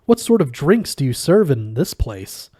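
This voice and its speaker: A man's voice: a little high, big pitch swings, measured pace, dark tone, no room sound, studio quality, exaggerated voice. A man voicing a wry, laid-back male alien traveller. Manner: wry, breathy awe.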